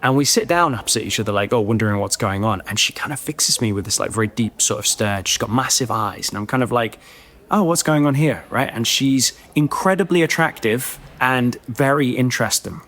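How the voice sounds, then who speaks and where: Man, comic storyteller, animated and self-deprecating, chatty asides, middle-pitched voice. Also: a little fast, hardly any pauses.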